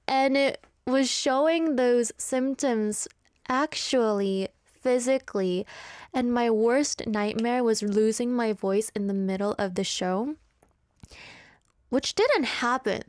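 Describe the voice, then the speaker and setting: A woman's voice: on the high side, takes it slowly, a little mellow, no echo. Woman, radio host, casual on-air chat, candid and self-mocking, dry studio sound. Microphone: studio microphone.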